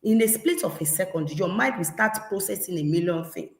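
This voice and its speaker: A woman with a Nigerian accent, a parenting coach giving a lively talk and acting out scolding parents. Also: on the low side, fairly quick. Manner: animated, acts out scolding parents. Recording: echoey room.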